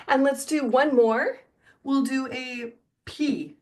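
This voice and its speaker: A woman teaching Spanish pronunciation in a video lesson, speaking clearly and encouragingly. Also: high voice, darkish tone. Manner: slow, clear, encouraging, sings syllables.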